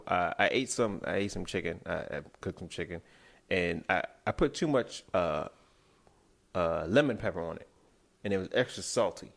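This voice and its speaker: A man's voice: low-pitched, gravelly. A man co-hosting a comedy podcast, telling a rambling story in casual chat, full of restarts. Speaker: podcast co-host.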